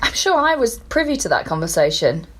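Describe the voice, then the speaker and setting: A woman's voice: mid-range voice, very animated, brisk, a bit bright, husky. A woman co-hosting a comedy podcast, teasing her partner with dry jokes and frequent laughter. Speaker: podcast co-host. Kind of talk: casual comedic chat.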